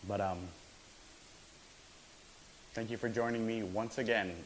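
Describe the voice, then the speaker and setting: A man's voice: on the low side, fairly even intonation, unhurried, slight background noise, rough recording. A man hosting a casual home cooking stream from his apartment kitchen, chatty and laid-back, laughing often. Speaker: host of a home cooking show.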